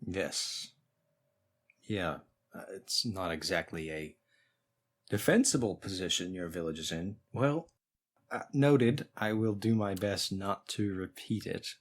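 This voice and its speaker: A man's voice: sits low, takes it slowly. A man playing in a tabletop game, talking in a wry, polite way with fillers. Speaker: player. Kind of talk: casual tabletop role-play.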